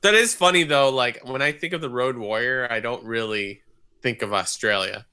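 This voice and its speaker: Man, podcast co-host, very bright edgy tone, smooth clear voice, laid-back chat. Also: medium pitch, moderate pace. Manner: easygoing, agreeable, many "yeah"s and "like"s. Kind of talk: casual chat.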